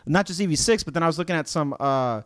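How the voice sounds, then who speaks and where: Fast-talking and on the high side, a man co-hosting a podcast chats casually and brings his stories to life by acting out the other people in them, dealer dialogue included. The recording is dry, with clean studio sound.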